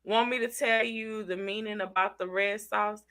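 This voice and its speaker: A woman's voice: mid-range voice, fairly even intonation, moderate pace, fairly bright tone. A congested woman with a Southern US accent, hosting a casual live stream, chatting in slang and teasing viewers by name. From Southern United States. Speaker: channel host reading live chat.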